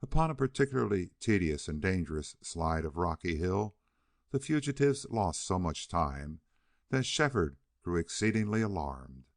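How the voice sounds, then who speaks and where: A man reading a western novel aloud as an audiobook narrator, in a steady storytelling read on a close mic. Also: low-pitched, moderate pace, creaky, no echo. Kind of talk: scripted narration.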